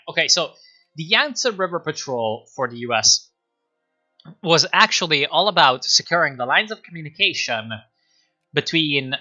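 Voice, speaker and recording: A man's voice: fairly high pitch, sharp tone, lo-fi sound. A man streaming a rambling, sardonic history chat, full of fillers and asides. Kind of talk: casual history talk on a live stream.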